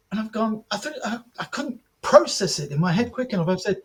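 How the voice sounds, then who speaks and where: Guy with a pretty high voice on a podcast, spinning lively stories, acting out what people said, stumbles and restarts a lot. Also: fast. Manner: animated anecdotes, acts out quoted dialogue, frequent restarts. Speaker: podcast guest, martial arts film promoter and author. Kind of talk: casual podcast storytelling.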